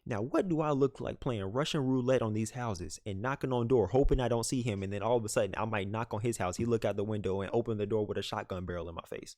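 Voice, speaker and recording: A young man casually retelling a story for his vlog, animated, with many fillers. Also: lowish voice, quick pace, few pauses, no room sound, studio quality. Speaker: vlogger. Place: home room, dog nearby.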